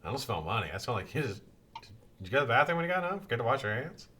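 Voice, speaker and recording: Greeting chat viewers one after another, a very animated streamer talks very fast in a slightly rough voice. His casual chatter lurches from loud calls to low mutters, with plenty of swearing.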